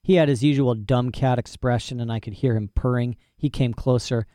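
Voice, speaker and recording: A man's voice: mid-range voice, steady tone, brisk, warm tone, no echo, studio quality. A man narrating a story in first person with a folksy, boastful manner and rural dialect grammar. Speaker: audiobook narrator.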